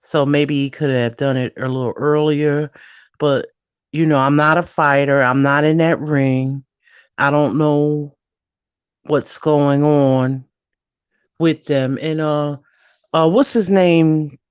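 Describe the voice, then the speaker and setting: Woman talking boxing on a stream, low voice, slow and kinda hesitant, dry sound. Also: steady tone, smooth, dry recording, dull audio. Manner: measured, hesitant, thinks aloud with fillers. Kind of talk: casual boxing talk on a live stream.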